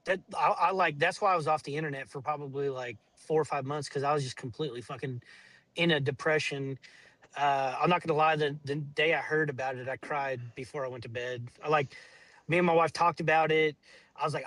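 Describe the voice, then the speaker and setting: Middle-aged man, blunt, rambling, swears, slightly high voice, dry close mic. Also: steady tone, brisk, fairly bright tone, dry recording, low-quality recording. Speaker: caller telling a family story. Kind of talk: casual debate chat.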